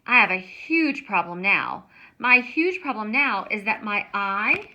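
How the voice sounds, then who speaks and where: A woman teaching a Spanish grammar lesson, explaining slowly and stretching words out to show how they sound. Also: fairly high pitch, pushed and bright.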